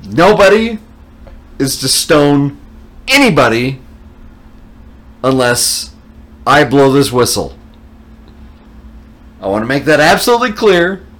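A man playing a pompous, commanding male high priest while retelling a comedy film scene. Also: big pitch swings, takes it slowly, pauses often, fairly bright tone. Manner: stern, commanding announcements.

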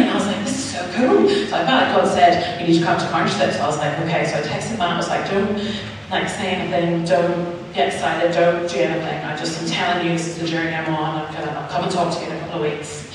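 A woman's voice: on the low side, fast talker, a little hiss or hum. Female preacher, conversational testimony, distant mic in a reverberant church hall. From Northern Ireland. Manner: chatty storytelling, acts out quoted voices. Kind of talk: personal testimony in a sermon. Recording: echoey hall, mic far off.

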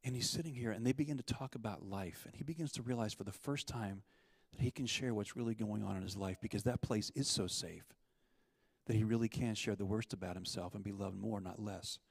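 A man's voice: lowish voice, a little fast, vocal fry, husky, no echo, long reverb tail. Man preaching a story-driven sermon. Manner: parable narrated with acted-out quotes, swinging between loud urgency and hushed softness.

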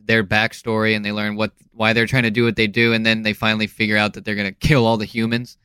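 A man's voice: on the low side, little pitch movement, fast talker, bright, forceful tone, clean tone, no room sound. A man co-hosting a podcast in casual chat, agreeable and easygoing, rambling a little. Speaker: podcast co-host.

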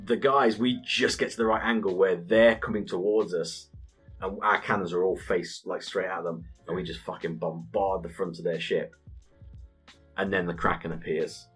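A man in his thirties, casually co-hosting a podcast, telling an animated, sweary gaming story and laughing often. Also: low-pitched, normal speed, breathy edge, soft background music.

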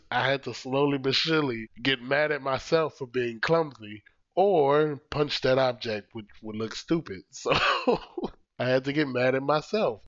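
A man co-hosting a casual podcast chat, animated and laughing often, talking into a studio microphone. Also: no echo, highs cut off. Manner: animated, laughs often, jumps to high-pitched exclamations. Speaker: podcast co-host.

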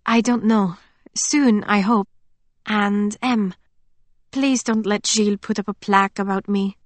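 A woman voicing a young heroine in an audiobook, in a plain, steady, lightly wry manner close to her own voice. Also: mid-range voice, measured pace, dry recording, close to an everyday voice. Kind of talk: audiobook character voice.

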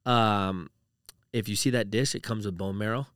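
A man's voice: fairly low pitch, steady tone, moderate pace, fairly bright tone, clean tone, no echo, clean studio sound. A man co-hosting a podcast in casual, rambling chat, full of "like" and "dude". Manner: rambling, uses "like" and "dude" a lot. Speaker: podcast co-host.

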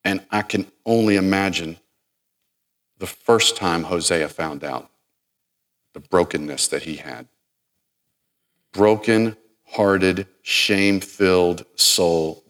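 A middle-aged man preaching a sermon, dramatic, acting out the people in the story and swinging from loud to hushed. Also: low-pitched, slow pace, long pauses. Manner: dramatic, acts out quoted speech, varies loudness widely.

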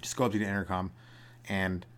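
A man's voice: deep voice, level tone, fast talker. Rambling, jokey male podcast host. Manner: rambling, jokey, acts out little voices. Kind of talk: solo comedic riffing.

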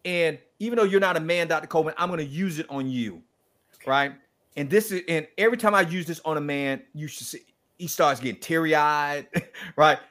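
A man in an interview, talking about faith in an animated, preacherly and emphatic way. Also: fairly high pitch, brisk. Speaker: guest speaker and author. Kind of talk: passionate interview conversation.

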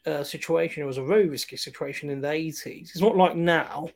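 A man's voice: fairly high pitch, a little fast, creaky. A man chatting casually about films on a remote call, rambling with many fillers and restarts.

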